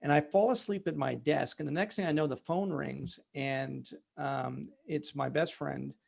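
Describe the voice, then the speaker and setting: A man's voice: on the high side, measured pace, vocal fry, darkish tone. A man, a company founder, candidly telling a personal story in an interview, with many fillers. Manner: candid, many fillers, relives events vividly.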